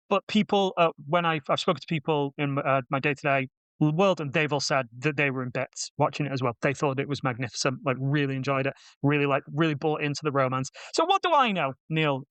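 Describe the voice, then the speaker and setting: A man with a fairly high, clear, smooth voice talks through a film review in casual podcast chat. He is wry and self-deprecating, full of quick asides, and sounds close and dry on the mic. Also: fairly bright tone, no echo.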